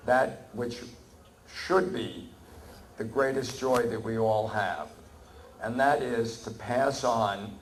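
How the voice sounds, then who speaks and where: A man giving an earnest, measured acceptance speech for an award. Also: lowish voice, slight background noise, rough recording. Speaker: award honoree. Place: banquet hall.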